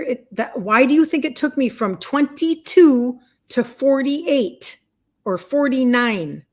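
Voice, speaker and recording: A woman in her fifties, a health and wellness coach, chatting heartfelt and open on a livestream and reading viewer comments. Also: medium pitch. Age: 50s.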